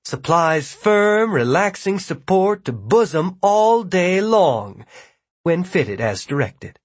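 A man's voice: sits high, sing-song, slow, no echo, pitched above the performer's own voice, heavily acted. A man putting on a chirpy commercial announcer. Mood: salesy. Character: upbeat male bra commercial announcer.

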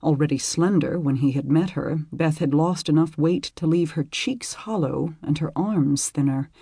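A man narrating a historical romance with a husky, slightly breathy voice. His delivery is measured and intimate, recorded close in a dry space with no room sound. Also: a little high, warm tone, no echo. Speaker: audiobook narrator.

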